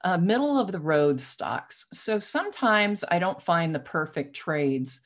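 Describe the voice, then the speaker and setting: A woman hosting a market analysis show, methodically explaining chart indicators and clearing her throat now and then. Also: lowish voice, lively intonation, measured pace. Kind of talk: explaining stock charts to viewers.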